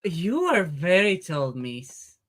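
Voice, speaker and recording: A woman's voice: on the low side, sing-song, takes it slowly, exaggerated voice. A woman voicing a polite, eager young male wizard student. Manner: eager, apologetic.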